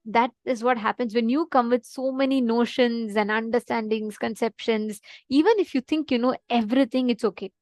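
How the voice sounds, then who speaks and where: A woman with a fairly high voice leads an online class, mixing practical instructions with a teaching story. She is dry and close to the mic, reassures her listeners and keeps checking in with "okay?" and "right?". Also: dry recording. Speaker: program instructor.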